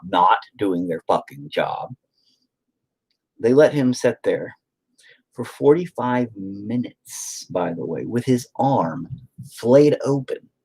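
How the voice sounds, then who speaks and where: A man's voice: fairly low pitch, husky. A man hosting a casual stream, telling a story to viewers in a rambling way and swearing freely. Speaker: stream host chatting with viewers.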